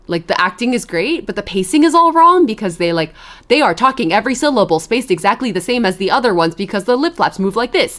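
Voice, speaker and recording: A woman streaming and chatting casually with her viewers, animated, swearing freely and laughing often. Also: fairly low pitch. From grew up with Chinese and Japanese media.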